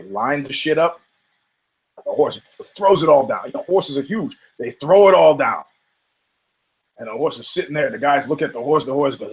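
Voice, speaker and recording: Over a rough recording, a male podcast host with an animated, mid-range voice speaks at normal speed. He offers casual comedic commentary on combat sports, riffing on fight results in a rambling, profane way full of self-mocking jokes.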